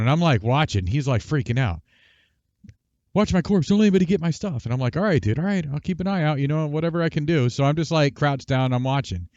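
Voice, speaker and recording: Male streamer host, casual rambling storyteller, mid pitch, close dry home mic. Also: no echo, muffled recording. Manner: rambling storyteller, restarts and asides; talks quietly at times for housemates. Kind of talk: casual livestream chat.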